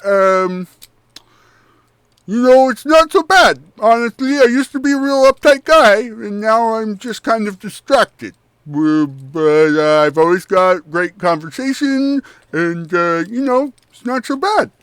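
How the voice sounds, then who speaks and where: A man's voice: high voice, a little slow, a bit bright, smooth, no room sound, pitched above the performer's own voice. A man voicing a distracted, chatty candy-apple-headed man who talks as if his mouth is full. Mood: chatty resigned. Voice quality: mushy, as if talking with a full mouth. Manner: rambling, cheerfully resigned.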